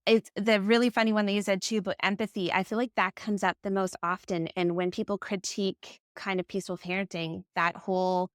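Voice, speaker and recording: A woman's voice: medium pitch, flat delivery, brisk, hardly any pauses, no room sound, studio quality. A woman co-hosting a parenting podcast, chatting in an agreeable way and sharing examples from her own family life. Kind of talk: casual podcast conversation.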